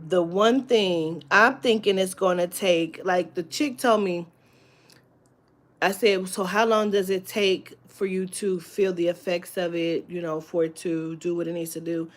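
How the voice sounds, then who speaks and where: A woman's voice: lowish voice, fairly even intonation, unhurried. A woman chatting on a live stream from home, rambling and candid, swearing freely with lots of fillers. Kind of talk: casual live-stream chat.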